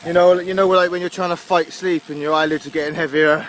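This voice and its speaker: A man from England with a Gloucestershire accent talks into a camera on his bike, rambling and chatty with lots of fillers. His voice sits a little high for a man. Loud road and wind noise from outdoors runs under his speech. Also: steady tone, fast talker. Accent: Gloucestershire English. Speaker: touring cyclist vlogger. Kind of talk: casual video diary. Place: outdoors on a roadside while cycling.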